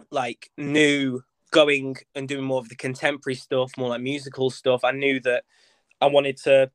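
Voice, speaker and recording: A man's voice: mid-range voice, a bit bright, no room sound. A young man from North West England, a theatre performer chatting as an interview guest, self-mocking and full of ums and likes. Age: young adult. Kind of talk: casual interview chat.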